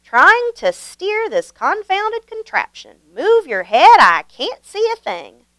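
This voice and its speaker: A woman's voice: very high-pitched, huge pitch swings, slow pace, a bit bright, no room sound, voice pushed up, full character voice. A woman voicing a grumpy old grandfather who complains and exclaims in a huffy way. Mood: flustered shouting.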